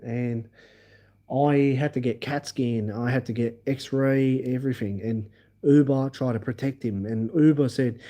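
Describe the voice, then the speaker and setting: A man hosting a livestream, telling a story in an animated, emphatic way and acting out the scenes. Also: medium pitch, unhurried. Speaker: livestream host. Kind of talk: casual storytelling.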